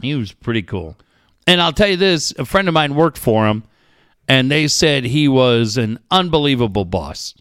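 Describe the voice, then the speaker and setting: A man's voice: mid-range voice, lively intonation, moderate pace, a bit bright, smooth, no echo, clean studio sound. A man co-hosting a casual podcast, guessing aloud and swearing often in loose banter. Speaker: co-host.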